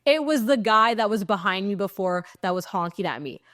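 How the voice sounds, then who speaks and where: A young woman from Texas, a podcast co-host, telling a road-rage story in casual chat, swearing freely and acting out the quotes with big jumps in pitch. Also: expressive, fairly quick, a bit bright, dry recording, studio quality.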